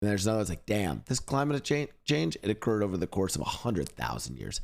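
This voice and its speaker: A man's voice: on the low side, wildly swooping pitch, fast talker, creaky. Profane young man ranting at chat. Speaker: streamer. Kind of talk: live stream reaction commentary.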